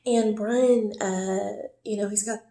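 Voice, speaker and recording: Woman storyteller, casual and rambling, mellow tone, roomy echo. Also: medium pitch, steady tone, slow. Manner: rambling, many fillers and asides. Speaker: storyteller recounting a relationship.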